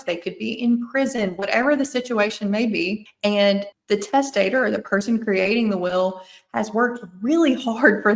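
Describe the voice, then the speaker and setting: A woman's voice: mid-range voice, creaky. Woman w/ mississippi accent, lawyer on a podcast, earnest, explains stuff carefully and repeats the key bits. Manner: earnest, explanatory, restates points. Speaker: estate planning attorney, guest.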